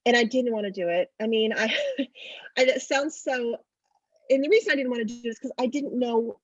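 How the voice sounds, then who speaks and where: The dull, echo-free recording captures an Oklahoma author, a middle-aged woman, talking a little fast. She's an animated storyteller in a relaxed interview, voicing characters with dramatic pitch leaps.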